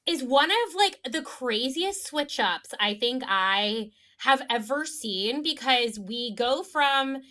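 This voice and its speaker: A woman co-hosting a podcast, chatting casually in a quick, animated way with lots of "like" fillers. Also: high-pitched. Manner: chatty, heavy use of "like", animated. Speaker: podcast co-host. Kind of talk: casual recap chat.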